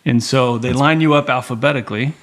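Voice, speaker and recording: Man telling military stories, animated. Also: mid-range voice, fast. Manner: animated, acts out dialogue with quoted voices, swears casually. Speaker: podcast guest. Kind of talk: casual storytelling interview.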